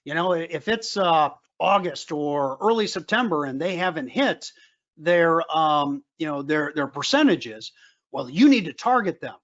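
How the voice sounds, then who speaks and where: A man with a high voice runs a business training session, hammering home his points and often stopping to add "okay?" The audio is muffled and lo-fi, like a recorded webinar. His delivery stays lively and emphatic throughout. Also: measured pace. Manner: emphatic, repeats key points, frequent fillers. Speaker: government contracting trainer.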